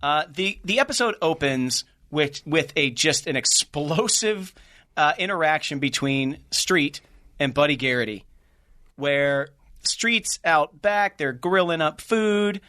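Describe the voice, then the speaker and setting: A man in his forties co-hosting a casual podcast chat, playful and quick with teasing asides. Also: a little high, expressive, sharp tone, no echo, studio quality. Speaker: podcast co-host.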